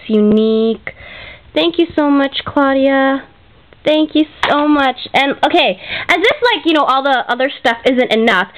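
A woman from Canada showing off craft gifts in a casual vlog, gushing and grateful, chatty with lots of fillers, and close to tears. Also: high voice. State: emotional, near tears. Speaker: craft vlogger. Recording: dull lo-fi home video audio.

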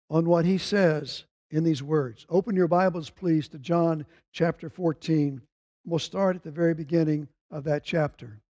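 In his Sunday sermon, the pastor reads from scripture, his voice climbing in emphasis as he voices the people quoted. He has a warm tone and a voice that sits high.

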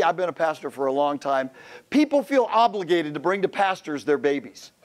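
A man's voice: on the high side, animated, brisk. A man in his fifties, a pastor giving a joking sermon to men, telling stories and acting out quotes. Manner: humorous storytelling with acted quotes.

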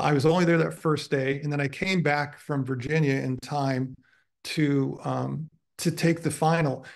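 A man's voice: a little high, creaky. A man in his sixties giving a guest lecture, telling long self-deprecating stories with many fillers. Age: 60s. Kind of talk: anecdotal lecture storytelling. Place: university lecture room.

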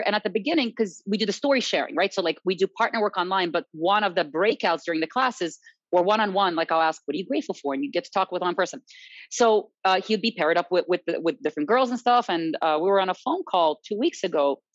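Female guest, salsa instructor, animated storyteller; muffled, dry sound. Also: medium pitch, fast, no room sound. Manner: animated, quotes others, tag questions "right?". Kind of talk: casual storytelling chat. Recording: dull lo-fi dry recording.

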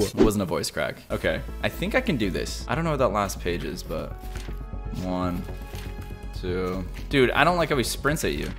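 A young man hosting a gaming video, giving excited play-by-play that jumps between low mutters and sudden yelps and shouts. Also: normal speed, over music. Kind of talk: excited gameplay commentary.

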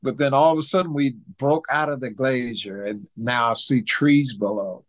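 A man's voice: medium pitch, moderate pace, no room sound. A man, telling a story as an interview guest, repeating himself and acting out sounds. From Mississippi. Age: 80s. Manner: animated storyteller with repetitions and sound effects. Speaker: guest musician.

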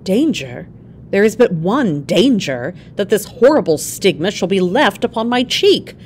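A woman's voice: lowish voice, very animated, normal speed, darkish tone, a little hiss or hum. A woman reading a firm, devoted young wife. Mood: desperate. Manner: firm, earnest.

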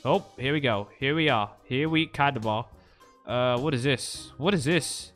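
A young man in his twenties giving jokey, excitable Minecraft let's-play commentary, jumping between loud shouts and nervous muttering. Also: medium pitch, moderate pace, soft background music. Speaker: gaming YouTuber.

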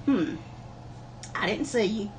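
A woman's voice: mid-range voice, animated, slow, noisy background. A woman hosting a live online sale, chatting in a folksy way and greeting viewers by name. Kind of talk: livestream chat. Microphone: camera on a wobbly tripod.

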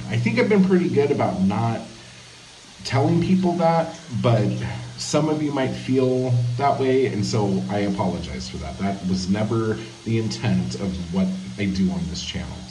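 A man's voice: fairly low pitch, expressive, normal speed, mellow, echoey room, distant mic, a little hiss or hum, poor audio. A man hosting a writing channel, talking casually to his camera in a loose, profane, apologetic way. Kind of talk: casual vlog talk to camera. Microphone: handheld camera.

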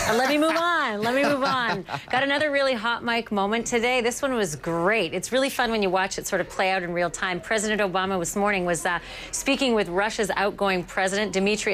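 Brisk, playful woman news anchor. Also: mid-range voice, fairly bright tone, slight background noise. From Canada. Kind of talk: live TV news panel.

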